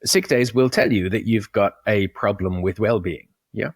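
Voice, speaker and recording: A man with a low voice co-hosts a casual business podcast. He speaks reflectively and halts often, repeating his opening words before he finds his point. The sound is dry and close, with no room echo. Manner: reflective, halting, laughs easily. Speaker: podcast co-host.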